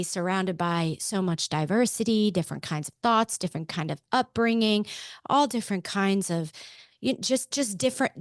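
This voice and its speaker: A woman from Pennsylvania, in her thirties, telling her own story as a podcast guest. Her delivery is animated and candid, with a mid-pitched voice recorded very dry and close. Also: no echo. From Pennsylvania, USA. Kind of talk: casual interview storytelling.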